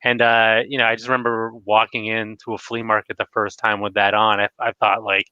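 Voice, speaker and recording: Man, casual stream chat, rambly and filler-heavy; bright voice, dry muffled call audio. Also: on the low side, flat delivery, brisk, clear, resonant tone, dry recording. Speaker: retro collecting YouTuber.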